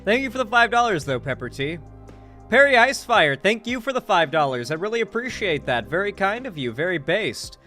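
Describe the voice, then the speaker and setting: A man's voice: sits high, sing-song, a little fast, bright, forceful tone, faint music behind. A man doing casual live-stream commentary, rambling with lots of "like" and swearing freely.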